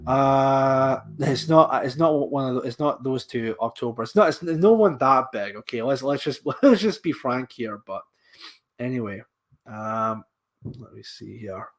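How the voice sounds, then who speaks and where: A Scottish man with a mild accent hosts a podcast, chatting casually as he reads out viewer comments. His mid-range voice is animated and unhurried. He rambles, often restarting and using fillers.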